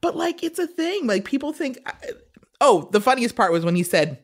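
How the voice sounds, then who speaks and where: A woman's voice: sits high, moderate pace. A young woman, a podcast co-host, telling a dating story in casual chat, acting out quotes and filling her talk with "like". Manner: animated storyteller, acts out quotes, many "like" fillers.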